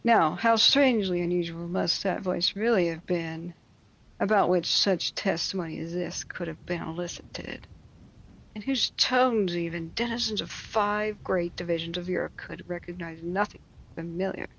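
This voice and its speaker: A woman reading a classic story aloud, breaking off for wry, mocking asides and quick explanations of old words. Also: on the low side, creaky, fairly bright tone, muffled recording. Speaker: reader.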